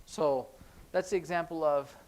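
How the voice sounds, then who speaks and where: A man teaching a sign language class in a church classroom, explaining in a relaxed, conversational way with frequent ums. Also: a little high, moderate pace, slight background noise. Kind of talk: classroom lesson.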